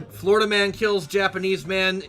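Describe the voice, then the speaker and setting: A man's voice: high-pitched, steady tone, a little slow, sharp tone, faint music behind. A man streaming a game, chatting casually and animatedly with frequent swearing. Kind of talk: casual gameplay commentary.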